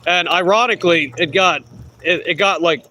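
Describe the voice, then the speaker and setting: Bright-voiced Long Island man. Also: on the high side, normal speed, slight background noise, low-quality recording. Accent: Long Island New York. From Long Island, New York. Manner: rambling, self-correcting. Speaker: delivery rider vlogger. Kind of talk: casual chat answering live viewers.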